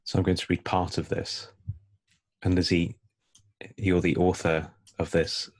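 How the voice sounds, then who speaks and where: A man co-hosting a reflective talk, speaking in a measured, thoughtful, slightly hesitant way. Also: sits low, flat delivery. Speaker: podcast co-host. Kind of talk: casual conversation.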